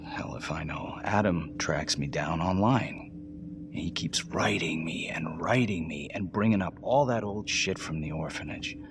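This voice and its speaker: An actor playing a desperate male death-row inmate in a video game cutscene, lurching between hushed whispers and furious shouts. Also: rumbling low, background noise. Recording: game score playing underneath.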